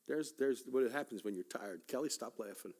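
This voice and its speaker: A man's voice: medium pitch, lively intonation, a little fast, darkish tone. A man teaching a Sunday school class at church, talking conversationally with joking asides and frequent checks like "right?" and "okay?".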